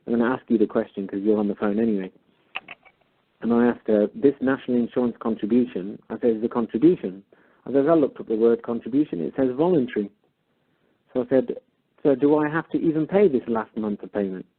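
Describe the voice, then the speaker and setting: A man calls in and tells the story of a phone call, acting out both sides as he goes. His voice is husky, and it comes through a thin, tinny phone line. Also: medium pitch, a little fast. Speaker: caller. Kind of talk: casual storytelling.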